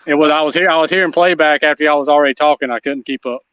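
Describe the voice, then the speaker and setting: A man from the Southern US, a guest on a casual livestream, talking quickly with lots of uhs and restarts over a dull, dry line. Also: on the high side, clear, resonant tone, no room sound. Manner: talks fast with many uhs and restarts.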